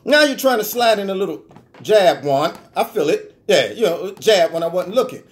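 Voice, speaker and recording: A man delivering an animated, argumentative political commentary monologue, full of rhetorical questions. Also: high voice, moderate pace. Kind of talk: opinion vlog monologue.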